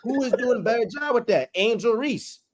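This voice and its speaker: A young man co-hosting a podcast, arguing loudly and trash-talking in heated sports banter. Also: very high-pitched, lively intonation, fairly quick, slight background noise. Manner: loud, argumentative, trash-talking. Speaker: podcast co-host.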